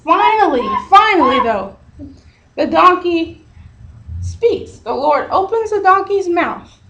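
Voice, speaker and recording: High-voiced woman retelling a Bible story. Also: big pitch swings, takes it slowly, a bit bright, slight background noise, low-quality recording. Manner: chatty, retells with "he's like" and fillers. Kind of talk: casual Bible storytelling to a group.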